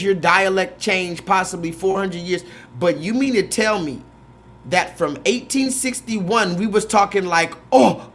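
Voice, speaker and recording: A man hosting a casual livestream, ranting with quick asides. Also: high voice. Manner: animated, rant-like, quick asides; mocking put-on voices when quoting films. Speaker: host.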